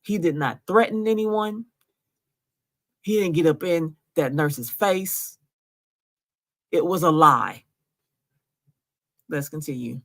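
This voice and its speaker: A woman's voice: sits low, takes it slowly, long pauses, fairly bright tone. A woman giving emotional commentary over a recording, earnest and often asking "right?". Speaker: vlogger narrating a recording.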